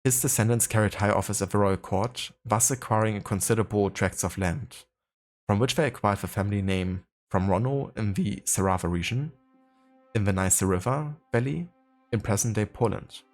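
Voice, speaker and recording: Faint music plays behind a man with a lowish voice speaking at normal speed as he streams a game live. He chats casually and rambles, using lots of fillers and reading codex entries aloud.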